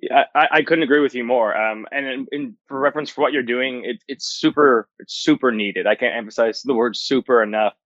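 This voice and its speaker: A man's voice: mid-range voice, fairly quick, hardly any pauses, fairly bright tone, dry recording, highs cut off. A man speaking as an interview guest in an earnest, emphatic way, with frequent fillers and repeats. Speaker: guest, indoor farming company co-founder. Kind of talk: conversational interview.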